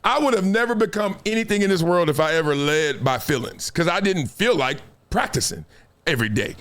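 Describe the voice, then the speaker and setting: A man hosting a casual commentary show, telling animated stories and acting out quotes. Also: sits high. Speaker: show host.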